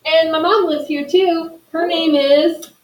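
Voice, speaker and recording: A woman's voice: very high-pitched, fairly even intonation, slow, recorded from a distance, pitched above the performer's own voice. Woman doing a timid wide-eyed little boy. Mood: amazed. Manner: wondering, easily startled. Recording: echoey room, voice from afar, faint noise.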